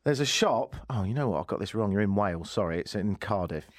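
A man's voice: fairly low pitch, lively intonation, fast talker. A man hosting a radio show, chatting casually with a teasing, jokey manner.

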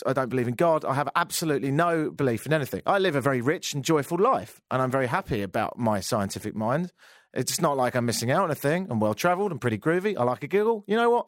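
A man's voice: mid-range voice, dry recording, clean studio sound. Sarcastic man telling a stand-up story. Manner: sarcastic, deadpan asides. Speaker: stand-up comedian.

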